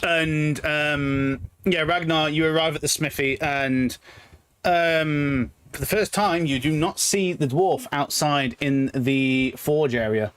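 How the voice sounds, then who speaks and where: A man running a tabletop game as game master, narrating in a relaxed, halting way with many fillers. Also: fairly high pitch, clear, resonant tone.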